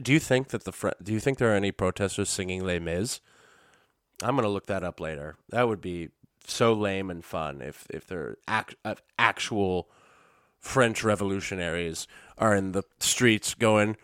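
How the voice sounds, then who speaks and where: A man's voice: fairly low pitch, unhurried, fairly bright tone, clear, resonant tone, no echo, studio quality. A man hosting his own podcast, talking casually and sarcastically in a rambling way, with sudden silly outbursts. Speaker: podcast host. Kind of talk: casual solo commentary.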